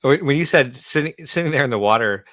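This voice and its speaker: A man's voice: mid-range voice, lively intonation, fast talker, a bit bright, dry recording, studio quality. A man co-hosting a casual podcast, rambling and reading out viewer comments. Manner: rambling, self-interrupting. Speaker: podcast co-host.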